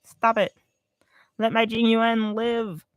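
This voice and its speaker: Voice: mid-range voice, slow, clean tone, dry recording. Congested, chatty game streamer, dry sound. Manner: chatty, expressive, thinks aloud while explaining game strategy. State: congested, sniffling. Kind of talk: casual gaming live-stream commentary.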